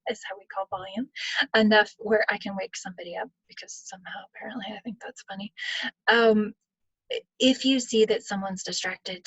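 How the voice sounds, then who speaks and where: A woman leads a live webinar over a video call, answering audience questions in a relaxed, conversational way. Her voice is a touch husky and sits at a middling pitch. The sound is dry, with no room echo. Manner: conversational, explaining with acted-out examples. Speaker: webinar presenter on leadership. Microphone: computer mic on video call.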